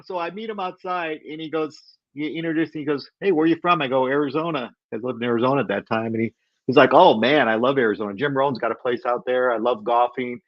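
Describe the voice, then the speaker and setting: A middle-aged man telling a story as a podcast guest, animated and acting out the voices of people he quotes. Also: mid-range voice, fast talker, no echo, muffled recording.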